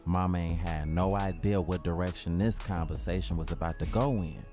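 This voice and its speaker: Young man, lowish voice, slangy laid-back storytime narration, faint background music. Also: fairly quick, dark tone.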